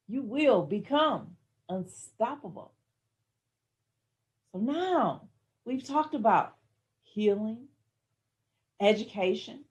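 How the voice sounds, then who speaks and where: A woman giving a motivational talk, building emphatic repeated phrases that swing from soft to loud. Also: a little high. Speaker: motivational speaker.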